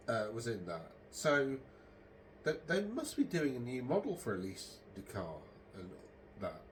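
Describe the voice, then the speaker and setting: A man's voice: mid-range voice, a little hiss or hum. A man hosting a casual, meandering monologue, hesitant and full of ums and self-corrections. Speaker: podcast host.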